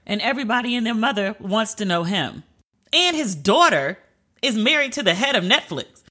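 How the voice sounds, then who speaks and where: A woman's voice: medium pitch, bright, forceful tone. A woman giving casual celebrity news commentary, chatty and candid with emphatic asides. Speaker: pop culture commentator.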